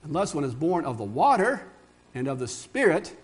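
A preacher acting out a patient male teacher who explains gently and steadily. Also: fairly high pitch, sing-song, moderate pace, husky, pitched below the performer's own voice.

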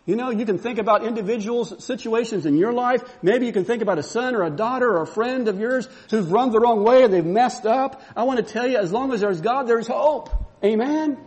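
A man's voice: extremely high pitch, brisk, few pauses, a little mellow. A man preaching a sermon, telling a story and building to fervent, repeated exclamations.

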